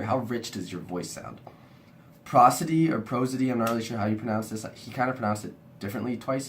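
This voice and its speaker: A young man and university student, sick and with a rough-sounding voice, talking through a talk he watched in a rambling, casual way. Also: fairly low pitch, slight background noise. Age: young adult. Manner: chatty and rambling, lots of "kinda". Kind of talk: casual video review.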